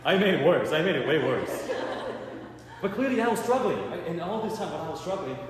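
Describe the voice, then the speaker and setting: A male stand-up comedian tells his stories in an animated way, his pitch swinging widely as he acts out the people in them. His voice rings through a big echoey hall with a long reverb tail. Clear background noise sits under his voice. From Canada. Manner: animated storytelling with acted quotes. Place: art gallery event space with a live audience.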